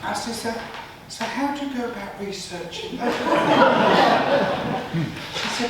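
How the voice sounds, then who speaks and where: A man's voice: very high voice, takes it slowly. A man performing a cheeky music hall comic monologue, bantering with a live audience. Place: theatre stage, live audience. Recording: roomy hall, far from the mic, loud audience noise.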